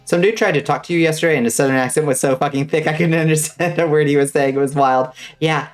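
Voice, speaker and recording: A woman's voice: deep voice, steady tone, fast, soft background music. A woman streaming a game and chatting casually with viewers, rambling with many fillers and the odd swear word. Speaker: vtuber streamer. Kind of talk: casual gaming stream chat.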